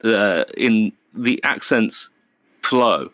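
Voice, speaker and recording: A man's voice: lowish voice, extremely slow, fairly bright tone, dry recording. An English man as a podcast guest, talking in a wordy, apologetic way and often breaking off to restart. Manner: apologetic, wordy, self-interrupting. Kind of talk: casual chat.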